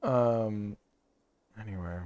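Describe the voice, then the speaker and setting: A man's voice: on the low side, takes it slowly, a little mellow, clear, resonant tone, lo-fi sound. A young man from Canada, rambling profanely through casual gaming commentary. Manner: rambling, profane, jokey asides. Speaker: streamer.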